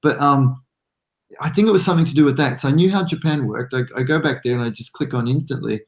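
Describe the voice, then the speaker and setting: A man's voice: mid-range voice, fast talker. An Australian man, a guest on a hobby podcast, telling long stories in a casual, rambling way with many restarts and self-deprecating laughs. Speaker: guest modeler.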